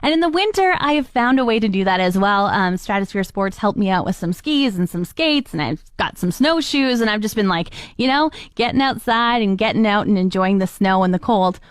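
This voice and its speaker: A woman's voice: medium pitch, fairly quick, hardly any pauses, smooth, no echo. A young woman, hosting a morning radio show and chatting through stories on a studio mic. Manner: chatty and animated, acts out quoted voices. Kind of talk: solo radio chat with anecdotes.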